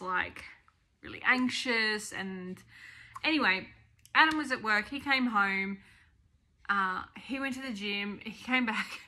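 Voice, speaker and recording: Chatty young Australian mum vlogging. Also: female voice, medium pitch, bright, forceful tone. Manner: chatty and rambling, often breaks off to talk to her baby and dogs. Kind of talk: casual storytelling to camera.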